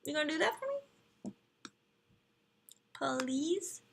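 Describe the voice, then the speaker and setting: A woman's voice: high voice, very animated, fast, gravelly, slight background noise. A young woman hosting a casual live stream, chatting with viewers and reading out game profiles. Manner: chatty, reads viewer chat and profiles aloud, talks to her computer. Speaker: livestream host reviewing game profiles.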